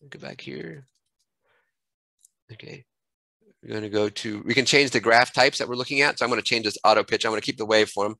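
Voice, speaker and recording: A man giving a screen-recorded software tutorial, thinking aloud and correcting himself as he clicks through menus at a desk microphone. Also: mid-range voice, a little fast, creaky, long pauses, dry recording, rough recording.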